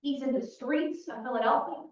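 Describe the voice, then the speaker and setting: A woman's voice: high-pitched, moderate pace, a little mellow. A young woman giving a dramatic opening statement as defense attorney in a mock trial, telling the story in punchy short sentences. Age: young adult. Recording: dull, echoey hall from far off.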